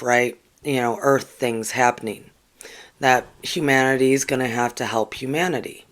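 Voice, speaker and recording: Slow, rambling livestream host. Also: mid-range voice. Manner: rambling, with frequent ums and restarts; earnest and chatty, talking directly to viewers. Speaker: spiritual channel host. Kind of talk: casual livestream with oracle card readings.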